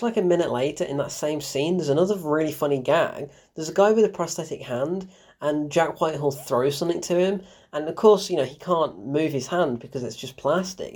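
A young adult film reviewer rambling through an opinion in an offhand, chatty way. The talk wanders through sarcastic asides, fillers and restarts. The voice sits at an everyday middle pitch. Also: darkish tone. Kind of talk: casual spoken film review.

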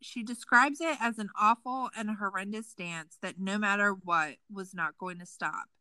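A woman's voice: mid-range voice, moderate pace, clear, resonant tone, no echo, rough recording. A woman hosting a casual true crime podcast, sarcastic and swearing freely. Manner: animated, sarcastic, swears a lot. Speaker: podcast host.

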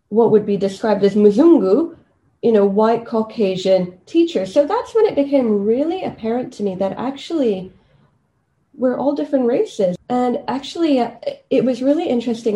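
A woman in her thirties from Kenya, a guest telling childhood stories in a relaxed, reflective way with easy laughter. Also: on the high side. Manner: reflective, easygoing, often laughing. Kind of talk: casual storytelling interview.

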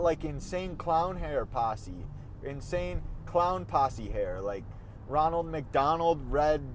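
High-voiced man rambling while driving. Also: rough recording. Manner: rambling, animated, swears at other drivers. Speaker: vlogger. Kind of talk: casual storytelling while driving. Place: inside a car in city traffic. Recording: faint car and street noise.

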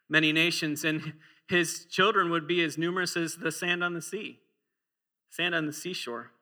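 A man's voice: fairly high pitch, normal speed, sharp tone. A man in his forties preaching a sermon in a church, conversational and humorous, often asking the congregation questions.

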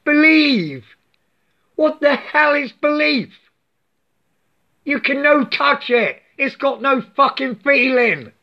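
In a dull lo-fi recording, a high, expressive voice delivers an impassioned solo rant at a slow pace with frequent pauses. The broken, clipped English drops articles and tags lines with "yeah?", and the speaker swears often, venting with angry emphasis.

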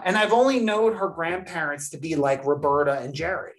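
With a lowish voice, a moderate pace and hardly any pauses, this podcast host tells a long story in casual conversation. She's animated and acts out each quoted person.

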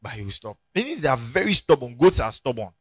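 A man's voice: medium pitch, fast talker, husky, no echo. A man preaching a sermon as pastor, joking and calling on the congregation to turn to their neighbors. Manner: animated, joking, calls on the congregation.

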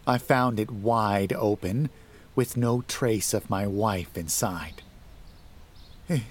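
Slow, dramatic male horror narrator. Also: fairly low pitch. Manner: measured, dramatic, rising to tense emphasis.

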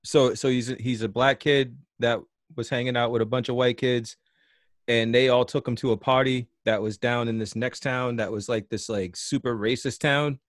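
A man's voice: mid-range voice, steady tone, moderate pace, no echo, studio quality. A man co-hosting a podcast, retelling a story in a loose, slangy way with some cursing. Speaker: podcast co-host. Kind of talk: casual storytelling.

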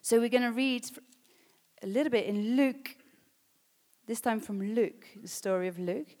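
A woman preaching a sermon, reading scripture and rising to loud, emphatic exhortations. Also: on the high side, measured pace. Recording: long hall reverb.

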